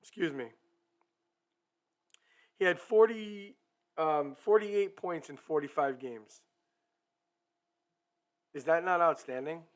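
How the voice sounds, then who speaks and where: A man's voice: on the high side, takes it slowly, long pauses. A man hosting a hockey talk live stream, chatty and upbeat, talking straight to his viewers. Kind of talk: casual live-stream chat.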